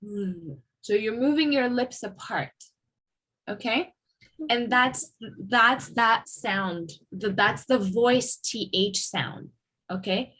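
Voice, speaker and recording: Woman, pronunciation teacher, slow, husky, patient, repeats sounds. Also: a little high, fairly bright tone, rough recording. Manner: patient, slow and repetitive, modeling sounds for students. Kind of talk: online class lesson.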